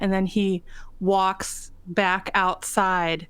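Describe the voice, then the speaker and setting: Woman on a livestream gushing through a story, smooth clear voice, dry close sound. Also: mid-range voice, level tone, dry recording. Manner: enthusiastic, drawn-out storytelling. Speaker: podcast co-host. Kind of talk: casual livestream chat.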